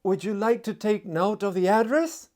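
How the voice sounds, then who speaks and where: A man's voice: high-pitched, animated, moderate pace, darkish tone, pitched above the performer's own voice. A man voicing a pious young woman who invites people door to door, polite and earnest.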